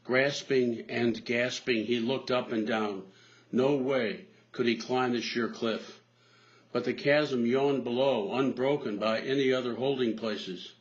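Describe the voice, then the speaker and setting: Guy priest preaching, calm storyteller pace, kinda muffled old recording. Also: medium pitch. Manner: measured storytelling delivery. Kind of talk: sermon. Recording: dull lo-fi recording.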